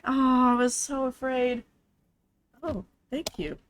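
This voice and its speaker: A woman streaming a game from her desk at home, chatting casually and reading the game text aloud in an animated, giggly way. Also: high voice, takes it slowly, slight background noise. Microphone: headphones with desk mic.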